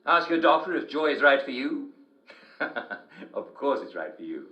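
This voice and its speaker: Jovial tv presenter, sing-song delivery, echoey lo-fi sound. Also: male voice, medium pitch, very animated, moderate pace, pushed and bright. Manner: jovial, theatrical presenter patter. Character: Uncle Jack, smarmy English TV show host.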